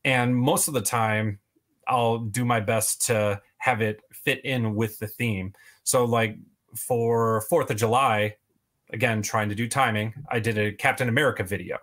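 A man's voice: medium pitch, steady tone, a little slow, fairly bright tone. A man as a podcast guest, giving long rambling answers full of fillers. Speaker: podcast guest, toy video creator. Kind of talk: casual interview chat.

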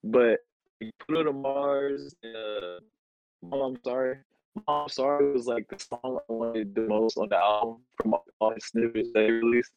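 A man's voice: mid-range voice, fairly even intonation, moderate pace, darkish tone, clean tone, dull audio. A man talking casually as a guest on a music review chat, easygoing, with slang and hesitant restarts. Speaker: guest, friend of the host.

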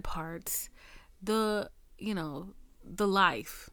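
A woman's voice: fairly low pitch, a little slow, dry recording. Young woman podcast host spilling tea, swears a lot, calls u girl, dry close sound. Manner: chatty, profane, addresses listener as girl; drops to a near whisper for asides. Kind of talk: casual storytelling.

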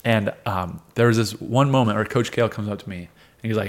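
Man, 20s, interview guest; lively storyteller who voices everyone in his tale. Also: fairly low pitch, quick pace, few pauses. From United States. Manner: animated storyteller, acts out quotes, laughs often. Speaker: guest, wrestler and fighter.

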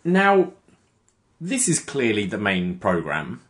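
A man co-hosts a casual podcast, analyzing wrestling storylines and the booking decisions behind them. His low voice moves a lot in pitch, which gives his points an animated lift. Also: slow pace. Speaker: podcast co-host.

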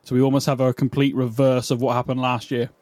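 A man's voice: mid-range voice, little pitch movement, fast, darkish tone, dry recording, clean studio sound. A man co-hosting a wrestling podcast in casual chat, thinking aloud with ums and tag questions. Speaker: podcast co-host.

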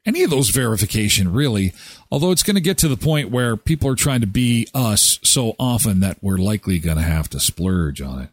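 A man in his thirties hosting a live daily show, chatting casually and joking with lively jumps in his voice. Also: lowish voice, a little fast, no echo. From Canada. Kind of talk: casual solo commentary.

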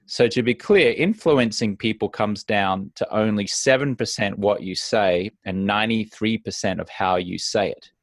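A man's voice: fairly low pitch, normal speed, few pauses, no room sound. A man coaching on sobriety in a podcast conversation. He talks emphatically, repeats his key points and acts out little party scenes. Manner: animated, acts out little scenes in other voices.

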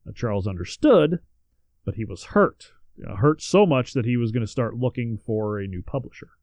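A man's voice: medium pitch, expressive, normal speed, a little mellow, dry recording. A man co-hosting a podcast, reading out history in a casual way with joking asides and the odd swear word. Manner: reads facts then adds joking asides and swearing. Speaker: podcast co-host.

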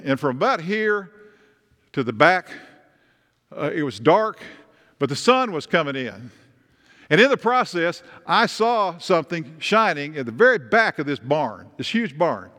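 A pastor with a somewhat high-pitched, fairly bright voice delivers a sermon in a church sanctuary. He speaks conversationally and asks the congregation questions. The church hall gives the recording a long reverb.

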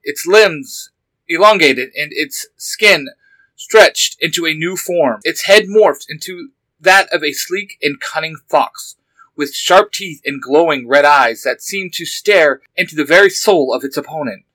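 A man's voice: on the high side, fairly bright tone, no echo, poor audio. A man reading a superhero fan story aloud with eager narration.

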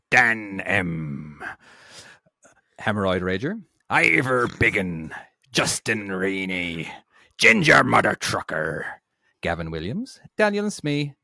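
A man doing a raspy Irish-tinged pirate. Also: on the low side, bright, forceful tone, no echo, studio quality, full character voice. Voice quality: raspy, talks out of the side of the mouth. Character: raspy grown male pirate, gruff and hammy.

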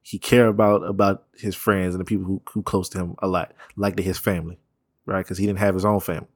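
Deep-voiced man, loose slangy chat. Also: level tone, no room sound, studio quality. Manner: loose, rambling, profane slang, quick laughs. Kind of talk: casual chat.

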